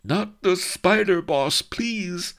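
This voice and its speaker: A squealing, fawning chamberlain. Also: male voice, on the high side, sing-song, takes it slowly, vocal fry, bright, forceful tone, voice pushed up, heavily acted. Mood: panicked fawning. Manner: squealing, yipping, servile. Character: fat, fawning, cowardly little male chamberlain. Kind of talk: audiobook character voice.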